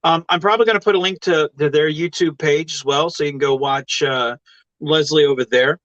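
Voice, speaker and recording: A man's voice: a little high, steady tone, fairly quick, a bit bright, no room sound. Laid-back male host, dull lo-fi audio. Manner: laid-back, swears casually. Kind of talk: casual chat.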